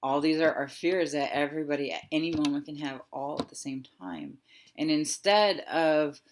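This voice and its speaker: A woman in her thirties giving a guided reflective talk as a wellness coach, speaking softly and slowly with thoughtful pauses. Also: sits low, slight background noise. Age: 30s. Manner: soft, slow and reflective, with pauses.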